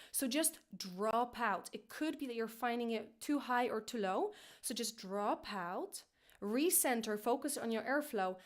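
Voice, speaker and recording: A woman teaching an online singing lesson, encouraging and playful, now and then jumping into a high head voice.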